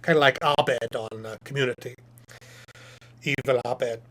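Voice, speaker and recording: A man voicing a chatty, self-satisfied male puppet professor who hosts a live stream, reading chat questions aloud and rambling through them with deadpan jokes. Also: medium pitch, a little slow, voice pushed down, close to an everyday voice.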